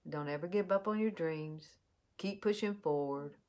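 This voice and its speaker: A woman tells a heartfelt personal story while doing a makeup tutorial, in an earnest, halting way. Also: low-pitched. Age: 50s. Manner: earnest and heartfelt, with halting restarts and soft drop-offs. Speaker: beauty vlogger.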